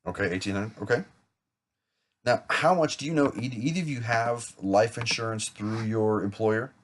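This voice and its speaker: An insurance agent rehearses a client pitch in a practice sales role-play, chatting casually with small jokes and self-corrections. His voice is fairly low and he talks at a normal speed.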